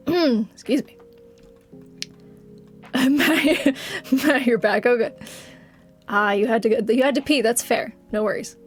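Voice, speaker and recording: A woman's voice: a little high, slow, long pauses. A young woman streamer chatting casually on a live stream, giggling often and swearing offhandedly, with music faintly behind. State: has covid.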